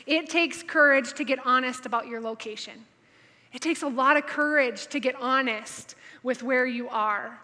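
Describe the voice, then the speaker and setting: Upbeat high-voiced woman preaching. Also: in a large hall. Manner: upbeat, chatty, reads scripture with lively emphasis. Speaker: pastor. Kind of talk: sermon. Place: church sanctuary.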